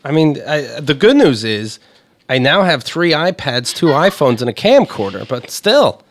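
A man's voice: on the high side, very animated, a little slow, slight background noise. A man co-hosting a casual chat, making dry joking asides.

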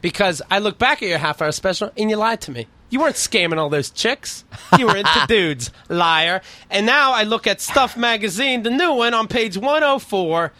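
A man's voice: sits high, lively intonation, normal speed, pushed and bright, no room sound. A man hosting a casual talk show, teasing and rambling with jokes. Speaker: host. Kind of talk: casual chat.

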